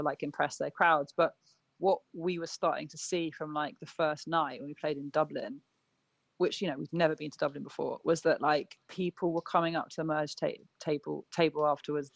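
A woman's voice: low voice, steady tone, normal speed, gravelly, no echo. A woman in her thirties, a punk band musician being interviewed, talking in a chatty way full of fillers and self-corrections. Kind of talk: casual interview chat.

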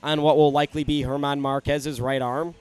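A man's voice: fairly high pitch, level tone, a little fast, a little mellow, clear, resonant tone. A man hosting a solo sports podcast, talking candidly and giving his opinions in a conversational way. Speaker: podcast host.

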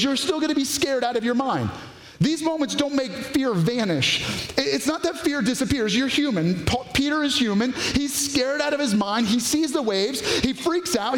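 A man preaching a sermon with passion, racing through some phrases and slowing down hard on others for emphasis. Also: very high-pitched. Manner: passionate preaching, shifting between rapid bursts and slow emphatic phrases. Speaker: pastor. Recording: echoey hall.

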